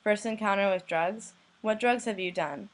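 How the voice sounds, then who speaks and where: Young blogger woman reading out her inbox, deadpan, middle-pitched voice. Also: moderate pace. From United States. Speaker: blogger reading anonymous messages. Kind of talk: reading messages aloud to camera.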